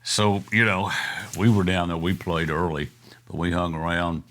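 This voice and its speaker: A man's voice: sits low, fairly even intonation, normal speed, fairly bright tone. An older man, telling rambling, chuckling stories as an interview guest, full of fillers. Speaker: guest musician. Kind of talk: casual storytelling interview.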